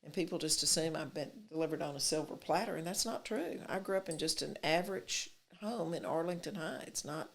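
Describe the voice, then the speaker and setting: A woman's voice: sits low, fairly quick, creaky, few pauses. An older woman with a thick Texas accent, a city mayor telling stories as an interview guest, often acting out both sides of past conversations. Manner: chatty storyteller who acts out quoted exchanges. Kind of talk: casual interview chat.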